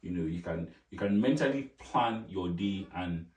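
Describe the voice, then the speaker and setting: Deep-voiced man, distant and echoey. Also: expressive, moderate pace, a little mellow. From Nigeria. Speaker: co-host. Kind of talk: casual chat.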